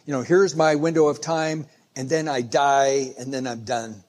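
A man's voice: medium pitch, steady tone, moderate pace, a little mellow. A man preaching a sermon in a conversational storytelling way, often restarting phrases as he goes. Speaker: pastor.

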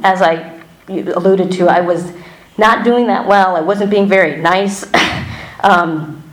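Woman telling her church testimony, kinda low voice, chatty, lots of um and like, echoey hall. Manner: candid and conversational, many fillers and self-corrections, wry asides. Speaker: church member giving a testimony. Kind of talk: personal testimony to a congregation. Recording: roomy hall echo.

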